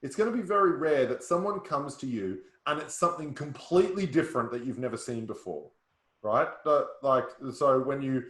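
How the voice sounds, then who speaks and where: A man's voice: mid-range voice, moderate pace, fairly bright tone. A man coaching a sales workshop in a punchy way, often checking that listeners follow. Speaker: sales trainer. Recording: roomy echo.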